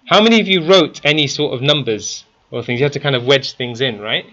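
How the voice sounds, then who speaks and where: Man, teacher, interactive classroom lesson, quizzes students, bright voice, muffled lo-fi sound. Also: mid-range voice, fairly quick. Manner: quizzes the class with frequent questions.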